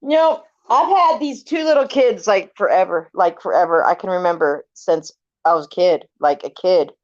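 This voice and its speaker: A Californian woman in her forties, her voice on the low side at normal speed, casually tells family ghost stories. She's animated, swears casually, and acts out what people said. The recording is dry, dull, and lo-fi.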